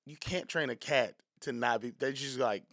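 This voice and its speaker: A man and comedian chatting casually on a podcast, telling animated stories and acting out little voices. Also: mid-range voice, moderate pace, no room sound, studio quality. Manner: animated storytelling, acts out voices.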